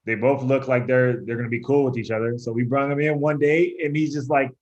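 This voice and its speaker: A man's voice: mid-range voice, fairly even intonation, fairly quick. Young guy telling a long story, like like like, does little voices, dull lo-fi mic. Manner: rambling storyteller, heavy use of "like", acts out voices in quotes. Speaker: pro baseball pitcher, podcast guest. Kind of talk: casual chat.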